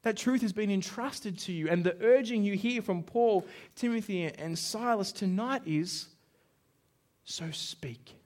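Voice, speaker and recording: A high-pitched male pastor preaches at a moderate pace, hardly pausing. He tells stories with acted-out dialogue, staying animated and letting out shouts.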